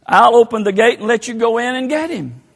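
A preacher voicing a calm, sardonic male zookeeper. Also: extremely high pitch, a little fast, vocal fry, breathy edge, long reverb tail, pitched above the performer's own voice, heavily acted. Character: dry, wry male zookeeper.

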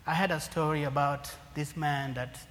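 A man preaching a sermon to a congregation, swinging from loud emphatic lines to near-whispers. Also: a little high, steady tone, moderate pace. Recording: long hall reverb, faint room noise.

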